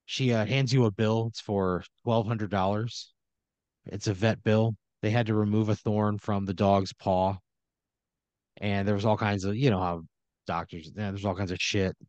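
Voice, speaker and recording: A man's voice: lowish voice, fairly even intonation, moderate pace, a little mellow, dry recording, highs cut off. A man narrating an improvised role-play scenario in a rambling, filler-heavy way.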